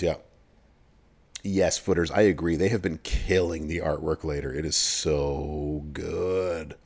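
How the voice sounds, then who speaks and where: A man's voice: low voice, dark tone. A young man hosting a game livestream, chatting casually with viewers, laughing often and answering chat messages. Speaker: livestream host for a mobile game.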